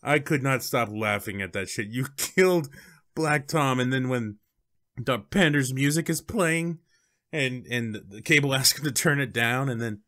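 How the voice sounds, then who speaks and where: A man's voice: mid-range voice, moderate pace, pushed and bright. Profane, laughing man recapping movie jokes. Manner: profane, laughing, acts out quoted scenes. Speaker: movie review co-host. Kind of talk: casual spoilery movie review chat.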